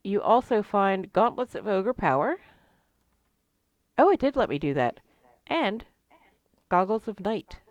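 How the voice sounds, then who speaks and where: A woman narrating a tabletop game as game master, in a lively, joking manner with frequent fillers. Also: mid-range voice, unhurried, long pauses, dry recording.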